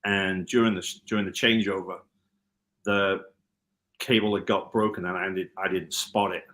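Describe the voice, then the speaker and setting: Chatting casually in an interview, this Liverpool-born guitar tech rambles through stories, often restarting and saying "um." His Scouse accent carries some American, and his lowish, fairly bright voice is delivered flatly at normal speed.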